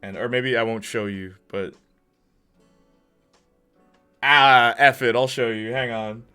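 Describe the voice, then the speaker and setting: Excited man rambling on stream. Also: mid-range voice, slow, clear, resonant tone, soft background music. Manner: excited, rambling, geeking out over games. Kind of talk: casual chat on a live stream.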